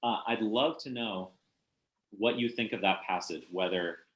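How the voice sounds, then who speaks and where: Male discussant, low register, reflective and halting delivery with lots of restarts; roomy echoey recording. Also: fairly bright tone. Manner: hesitant, thoughtful, many fillers and restarts. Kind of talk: casual literary discussion.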